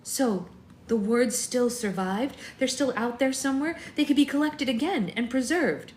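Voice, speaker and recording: An eager, bookish young librarian, as a woman puts her on, high-pitched and quick, with breathless excitement in her words. Storybook reading with roomy echo. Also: slight background noise.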